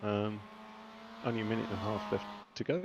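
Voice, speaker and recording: Bantering with his co-hosts, a man gives casual, chatty commentary on an online sim race. His voice is fairly low in pitch with fairly even intonation and a brisk pace, heard through dull lo-fi stream audio with faint noise.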